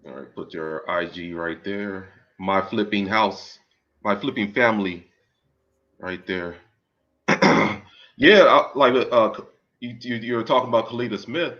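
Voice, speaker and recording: A male interview host chatting casually, relaxed, with stumbling repeats. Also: on the low side, a little slow. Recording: dull lo-fi audio.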